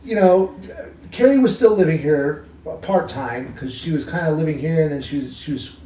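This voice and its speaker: A man's voice: on the high side, normal speed. A middle-aged man, a homeowner telling a story in an interview. He acts out what he said back then and swears freely. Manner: animated, acts out his own past lines, swears freely. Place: inside a house. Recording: roomy sound from a distant mic.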